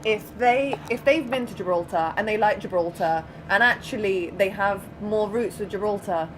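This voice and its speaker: A woman in casual chat with friends, reacting quickly and joking along. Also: medium pitch, noisy background.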